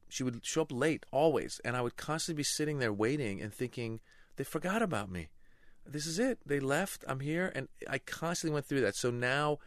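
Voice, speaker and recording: A middle-aged man from Iran, a stand-up comedian telling lively anecdotes in an interview and acting out voices. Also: fairly low pitch, no room sound, studio quality. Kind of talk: animated storytelling interview.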